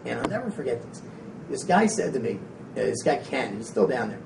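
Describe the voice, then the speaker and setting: A man giving a rambling, energetic motivational talk to a live audience, frank and casual with some swearing. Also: mid-range voice, a little fast, gravelly, far from the mic. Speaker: motivational speaker. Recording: echoey room, speaker away from the mic, faint noise.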